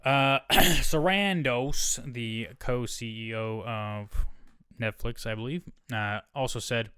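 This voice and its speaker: Male solo podcast host, smooth clear voice, dry close-mic sound, reads news with wry asides. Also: mid-range voice, takes it slowly, bright, forceful tone, dry recording. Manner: reads quotes aloud, drops in wry asides.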